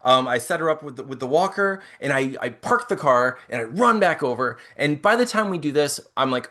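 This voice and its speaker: A young man co-hosting a casual chat, telling a long story in an animated, rambling way and acting out the people in it. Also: on the high side, brisk, hardly any pauses. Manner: animated, rambling, acts out quotes. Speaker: podcast co-host.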